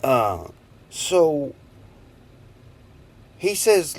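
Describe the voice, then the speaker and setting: A man's voice: mid-range voice, lively intonation, takes it slowly, a little mellow. A man in his fifties telling a rambling story in a casual way, chuckling as he goes. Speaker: vlogger.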